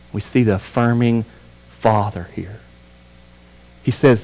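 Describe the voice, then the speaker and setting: A man preaching a sermon as pastor, building with fervor through repeated phrases and dropping low for quiet emphasis. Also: takes it slowly, long pauses. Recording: church hall with long reverb.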